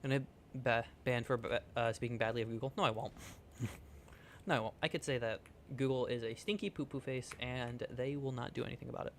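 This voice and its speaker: A man's voice: medium pitch, steady tone, fairly quick, slight background noise. A man streaming a video game, chatting casually with viewers in a playful, rambling, jokey way with some swearing. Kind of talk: casual game livestream chat.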